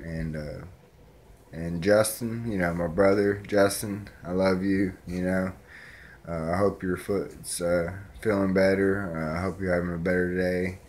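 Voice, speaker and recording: Low-voiced rambling man vlogging. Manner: rambling, filler-heavy, sincere. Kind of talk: casual heartfelt vlog message.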